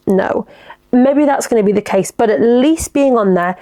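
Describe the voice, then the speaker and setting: A woman's voice: on the high side, normal speed, warm tone. A woman hosting a podcast, giving advice in a chatty, enthusiastic and sweary manner. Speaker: podcast host. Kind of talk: casual advice chat.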